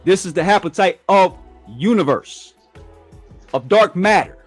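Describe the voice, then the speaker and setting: A man's voice: high voice, expressive, a little slow, slightly rough, faint music behind. A man hosting a talk show, ranting bluntly and swearing often. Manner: blunt, profane, confrontational. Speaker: show host. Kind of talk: casual profane talk show rant.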